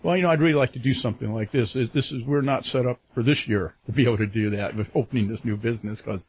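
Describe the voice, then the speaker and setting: Husky-voiced male radio talk host. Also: medium pitch, fast talker, dry recording. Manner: friendly, chatty, with many fillers. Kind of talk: casual radio interview. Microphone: studio microphone. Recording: slightly dull radio broadcast sound.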